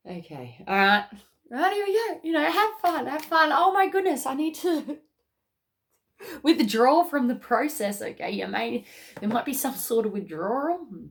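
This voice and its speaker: A woman's voice: sits high, very animated, moderate pace, vocal fry, a bit bright. An Australian woman with a cough, giving a casual, bubbly spiritual card reading full of slang and laughter. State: has a cough. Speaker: tarot card reader.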